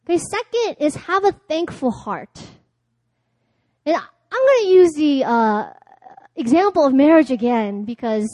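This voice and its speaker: A woman delivers a sermon, with a high voice heard dry and close. She tells personal stories, acts out both sides of conversations, and often laughs as she goes. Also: very animated, a little slow, a little mellow, no room sound. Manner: storytelling, acting out dialogue, laughing often. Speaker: preacher. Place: church.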